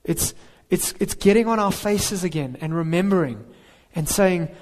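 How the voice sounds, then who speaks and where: A man's voice: sits high, lively intonation, moderate pace, a little mellow. A man preaching a sermon, earnest and emphatic, with rhetorical questions. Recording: reverberant hall.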